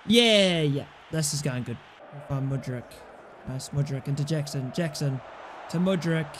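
A man's voice: on the high side, moderate pace, noisy background. A young man playing a football video game and commentating, frustrated and swearing at his players. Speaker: gaming YouTuber.

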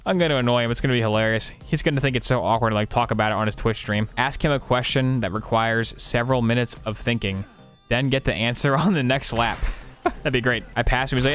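A man's voice: medium pitch, fast talker, a bit bright, faint music behind. A young man streaming a game from home, chatting casually and telling rambling, joking stories. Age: young adult. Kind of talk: casual chat while playing. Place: home, early morning with family asleep.

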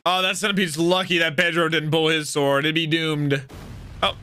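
A young man hosting a casual anime reaction, talking to himself and breaking into loud excited outbursts. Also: on the high side, normal speed, a little hiss or hum.

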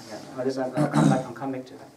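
This man's mid-range voice is creaky and steady, and he speaks very fast while preaching a conversational teaching sermon to a small group. Scripture quotes bring a rise in his voice, and he keeps quizzing those listening. Recorded in an echoey prayer gathering room from a distant mic, with faint hiss.

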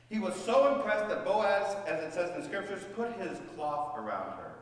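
Man, pastor, storytelling sermon, high-pitched, long church-hall reverb. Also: very animated, normal speed, few pauses. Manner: storytelling, questions to the congregation. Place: church sanctuary. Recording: echoey church hall, voice from far off.

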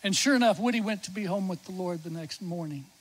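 A middle-aged man preaching in a church, his voice pitched high for a man. He tells a personal story from the pulpit and sinks to near-whispers when he recalls quiet moments at a bedside. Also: fast talker, slightly rough, low-quality recording. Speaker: chaplain and preacher. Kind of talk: sermon storytelling. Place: church sanctuary.

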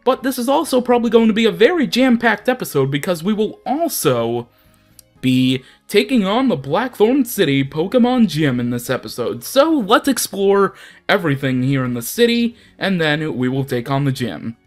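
Young male gaming host, casual and rambling, lively swings in pitch. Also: moderate pace, faint music behind. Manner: chatty, rambling, self-deprecating. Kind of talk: casual let's play commentary.

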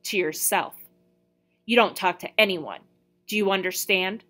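A woman's voice: lowish voice, moderate pace, fairly bright tone, natural voice. A woman reading the lines of a stern, short-tempered older male magus who snaps curt orders.

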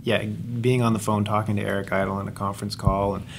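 A man, a film director, chatting casually in an interview, relaxed and enthusiastic, often restarting his sentences. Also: lowish voice, quick pace, background noise. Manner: relaxed, enthusiastic, repeats words when starting sentences.

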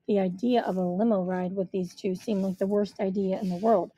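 Mellow woman reading a storybook. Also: mid-range voice, fairly even intonation, fairly quick, few pauses, husky. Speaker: audiobook reader. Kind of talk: first-person storybook narration.

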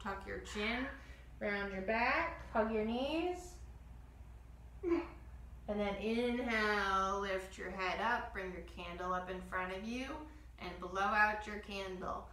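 A woman guiding a children's yoga class, giving gentle step-by-step instructions and demonstrating breath sounds. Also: mid-range voice, slow, roomy sound, far from the mic, a little hiss or hum, low-quality recording. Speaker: kids yoga teacher.

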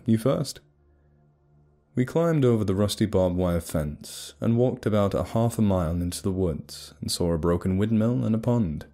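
A young adult man narrating a horror story in a steady, measured way. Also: fairly low pitch. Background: faint music.

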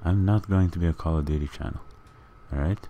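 Very deep-voiced man rambling over gameplay. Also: a little fast, lo-fi sound, a little hiss or hum. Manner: rambling, goofy, talks to game animals. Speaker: gaming video creator. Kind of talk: casual gameplay commentary.

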